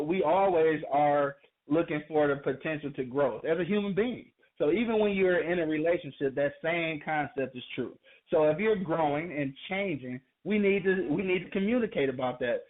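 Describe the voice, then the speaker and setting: A man co-hosting a call-in podcast, talking casually and repeating himself with frequent laughs. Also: on the high side. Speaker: podcast co-host. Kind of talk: casual radio talk. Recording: phone-like call-in radio audio.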